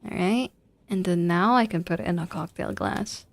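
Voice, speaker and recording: A woman's voice: fairly low pitch, moderate pace, creaky, a little hiss or hum. A young woman giving casual, giggly gameplay commentary with a playful, self-mocking manner. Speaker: streamer.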